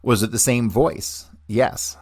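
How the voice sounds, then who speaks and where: A man reading a hearing transcript aloud on a podcast, taking both the questions and the answers in one steady voice. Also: medium pitch, slow pace, husky. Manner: steady reading voice that plays both questioner and witness without changing voice.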